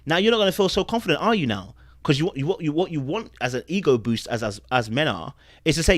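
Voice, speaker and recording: A man's voice: a little high, fast talker, no echo, clean studio sound. A man, hosting a podcast and giving casual commentary on a dating show, acting out quotes and asking rhetorical questions. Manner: animated, acts out quotes, asks rhetorical questions.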